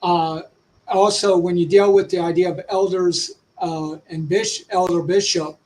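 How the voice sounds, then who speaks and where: A man in a casual livestream discussion who talks haltingly and keeps restarting his sentences. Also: sits high, steady tone, a little mellow, rough recording. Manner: halting, searching for words with many restarts.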